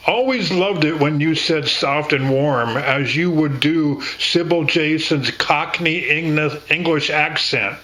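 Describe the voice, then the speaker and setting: A man's voice: on the high side, takes it slowly, hardly any pauses, bright, forceful tone, rough recording. A man reminiscing in casual chat, rambling and affectionate, with casual swearing. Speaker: co-host.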